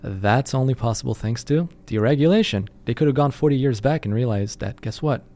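A man's voice: medium pitch, a little fast, dark tone. A man talking on a podcast in a conversational, agreeing, punchy way. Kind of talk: podcast discussion.

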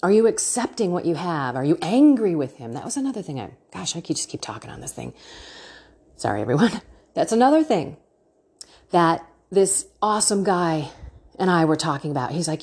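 A woman's voice: low-pitched, big pitch swings, a little fast, darkish tone, breathy edge. A woman hosting a faith podcast, talking in an earnest, chatty way and laughing often. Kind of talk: casual faith podcast talk.

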